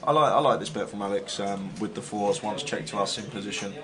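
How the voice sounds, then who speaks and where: A man giving relaxed, analytical play-by-play commentary on a live poker stream. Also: lowish voice, brisk, crowd noise.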